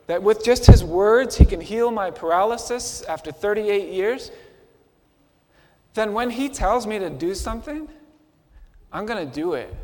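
A man with a high, ringing voice delivers an impassioned first-person sermon, dropping to a hush and then rising to a shout. His voice trails off into the long reverb of a big hall. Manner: impassioned storyteller, swings from hushed to shouting. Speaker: preacher.

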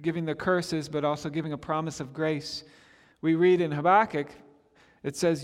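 A man preaching a sermon as pastor, expressive, swinging from loud to hushed. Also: on the high side, normal speed, in a large hall.

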